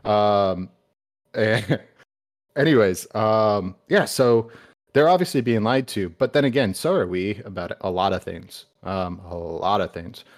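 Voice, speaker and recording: A man's voice: on the low side, unhurried. A tipsy man co-hosting a casual podcast, rambling loosely and laughing often. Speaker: podcast co-host. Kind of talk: casual drinking chat. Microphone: podcast mic.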